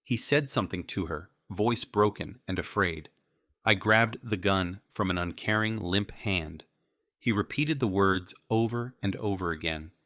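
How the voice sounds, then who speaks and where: A man narrating an audiobook in a measured, steady first-person read. His voice is very low yet bright and forceful. The sound is dry and close, from a studio booth. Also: no room sound.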